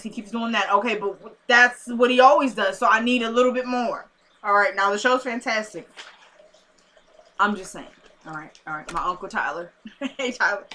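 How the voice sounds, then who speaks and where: Sassy, animated woman vlogger. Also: fairly high pitch. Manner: animated, sassy, talks straight to viewers. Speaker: TV show reviewer. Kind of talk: casual vlog review chat.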